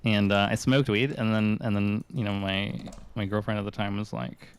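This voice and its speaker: A man's voice: lowish voice, little pitch movement, moderate pace, clean tone. A man hosting a call-in stream, telling rambling stories with lots of fillers and laughs. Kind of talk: casual chat.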